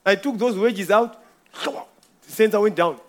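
High-voiced man giving a rambling testimony. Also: unhurried. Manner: rambling, storytelling with frequent chuckles. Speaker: church member giving a testimony. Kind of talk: informal testimony.

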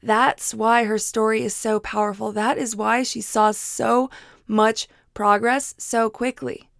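A woman's voice: fairly high pitch, flat delivery, slow pace, vocal fry, no room sound, clean studio sound. A woman hosting a motivational solo podcast, talking in an earnest, encouraging way and repeating phrases for emphasis. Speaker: podcast host.

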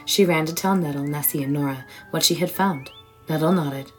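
A woman reading a children's storybook aloud in an expressive, warm way. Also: deep voice, normal speed, low-quality recording. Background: soft music.

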